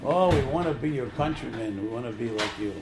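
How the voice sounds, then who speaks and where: A man's voice: medium pitch, animated, brisk, background noise. A man giving an informal religious lecture, telling the story animatedly and acting out the quotes. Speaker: Torah teacher.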